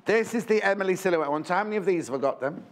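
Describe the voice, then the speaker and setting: Rapid-fire and expressive, a high-voiced man sells products live on a shopping channel from a TV studio. His patter is chatty and meandering, full of stock countdowns and on-the-fly self-corrections.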